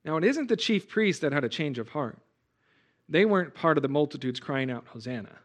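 A man preaching a sermon as pastor, earnest and exhorting, rising to loud emphasis. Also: on the high side.

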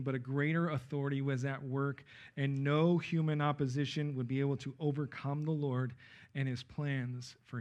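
High-pitched guy preaching, emphatic, keeps going okay? right?. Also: a bit bright. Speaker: pastor. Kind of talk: expository Bible sermon.

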